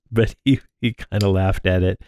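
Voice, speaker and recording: A man's voice: deep voice, mellow, clear, resonant tone, no room sound. A man in his thirties talking casually through a drone frame build, rambling with plenty of fillers and restarts. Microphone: close microphone in front of him.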